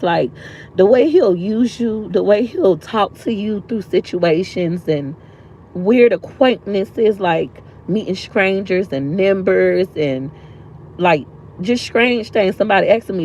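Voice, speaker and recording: A woman's voice: mid-range voice, lively intonation, unhurried, darkish tone, highs cut off, slight background noise. A woman vlogger sitting in a park outdoors, talking earnestly and from the heart, repeating lines for emphasis. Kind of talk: emotional motivational vlog talk.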